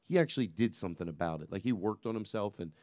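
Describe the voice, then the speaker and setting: Animated rambling male podcast host. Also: on the low side, quick pace, dry recording. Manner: animated, rambling, self-interrupting, laughs often. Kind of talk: casual comedy podcast chat.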